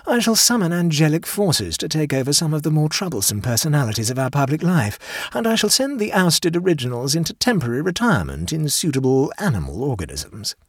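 A man's voice: fairly high pitch, big pitch swings, brisk, breathy edge, dry recording, studio quality, voice pushed up, full character voice. A man voicing a languid young aristocrat, a duke who speaks dreamily and composedly, teasing his friend. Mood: dreamy.

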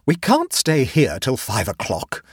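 A man's voice: a little high, huge pitch swings, fairly quick, husky, no echo, clean studio sound, full character voice. A man voicing a prim, flustered middle-aged lady in a storybook reading, talking stiffly and with growing exasperation. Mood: exasperated. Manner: reluctant, stiff, increasingly exasperated.

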